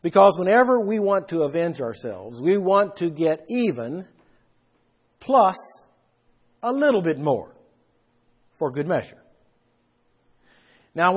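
A man's voice: sits high, a little mellow, husky. A man preaching a Bible sermon, explaining verses with emphatic rises in his voice. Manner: emphatic, rising for stress.

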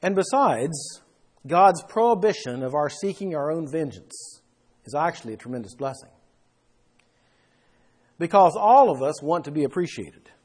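A man's voice: on the high side, lively intonation, moderate pace, long pauses, darkish tone, slightly rough. A man preaching a Bible sermon, explaining verses with emphatic rises in his voice. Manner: emphatic, rising for stress.

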